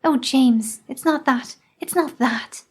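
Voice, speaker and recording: A woman's voice: high-pitched, takes it slowly, husky, voice pushed up, exaggerated voice. A woman reading aloud, voicing a grieving middle-aged wife who pleads with her husband. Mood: pleading.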